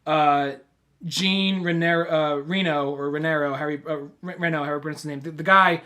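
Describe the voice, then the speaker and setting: A man with a slightly raised pitch chats casually on a podcast, rambling through a movie recap. He swears freely and jumps into loud, acted-out quotes. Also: fairly even intonation, a little fast. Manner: rambling, profane, acts out quoted lines loudly. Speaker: podcast co-host. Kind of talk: casual chat.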